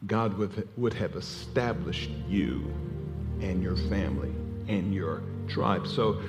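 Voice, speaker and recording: A low-voiced male preacher with a lively, swinging delivery, acting out the characters as he tells the story. His voice rings with the long reverb of a big hall. Music plays clearly behind him. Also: slow pace. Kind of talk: sermon.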